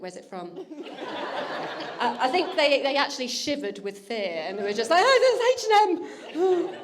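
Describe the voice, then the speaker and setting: A young woman, the bride's older sister, giving a teasing, affectionate wedding speech and laughing often. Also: mid-range voice. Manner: warm teasing, laughing often, getting emotional. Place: wedding reception hall.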